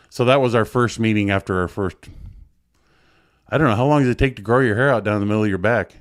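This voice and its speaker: A man's voice: lowish voice, fast talker, no room sound, clean studio sound. A man telling a painful personal story in a blunt, rambling way, swearing freely and joining a live show remotely. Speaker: guest sharing his story. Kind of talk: emotional casual storytelling.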